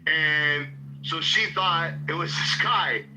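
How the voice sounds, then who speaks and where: A man with a very bright, slightly high voice tells a rambling, profane story in casual podcast chat. He piles on fillers and acts out what other people said. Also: slow pace, a little hiss or hum, poor audio.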